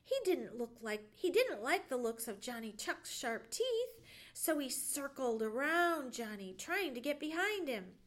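A woman librarian reading a bedtime story aloud with expressive storytelling. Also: high-pitched, measured pace. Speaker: children's librarian.

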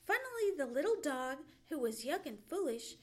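A woman librarian reading a bedtime story aloud with expressive storytelling. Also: high voice, normal speed, background noise. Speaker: children's librarian.

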